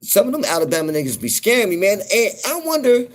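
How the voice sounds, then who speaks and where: Man, West Coast, livestream host, laid-back rambling talk, slightly high voice. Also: very animated. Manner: laid-back, drawn-out, constant "you know what I'm saying". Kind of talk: casual livestream monologue.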